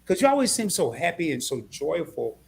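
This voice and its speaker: A man hosts a live-stream interview with a somewhat high voice. He gets excited and reads comments out loud as he goes. A faint noise sits under his voice. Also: fairly quick, creaky.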